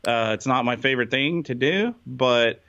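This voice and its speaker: A man co-hosting a podcast talks bluntly and casually, full of slang. His pitch sits in an ordinary middle range. The recording sounds a little dull and lo-fi. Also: normal speed, a bit bright. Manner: blunt, slangy, calls people dude. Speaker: podcast co-host. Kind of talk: casual chat.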